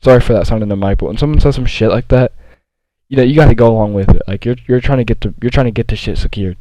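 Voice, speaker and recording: A man's voice: medium pitch, racing, warm tone, dry recording, rough recording. A young man telling a rambling, profane story in casual storytime style, with frequent restarts.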